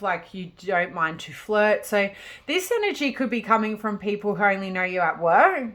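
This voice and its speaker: Tarot reader, woman, mid-pitched, rambling casual delivery full of "um"s and restarts. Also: a bit bright. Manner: chatty and rambling, with many fillers and restarts. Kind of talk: casual pick-a-card tarot reading.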